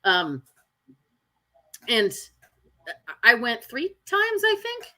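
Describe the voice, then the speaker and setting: A woman dog trainer talking candidly in casual chat, often tagging her sentences with "right?" and filling pauses with "um". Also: fairly high pitch, huge pitch swings, pushed and bright. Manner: candid, frequent fillers and "right?" tags.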